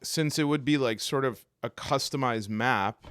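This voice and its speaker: A man casually unboxing tabletop games, animated and exasperated, rambling with many restarts. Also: medium pitch, a little slow, clean tone, no echo. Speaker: tabletop game reviewer.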